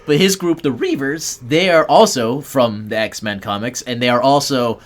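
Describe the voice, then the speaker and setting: A man's voice: mid-range voice, moderate pace. Man explaining a film at length. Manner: explains at length, swears casually. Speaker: podcast co-host. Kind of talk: casual movie review chat.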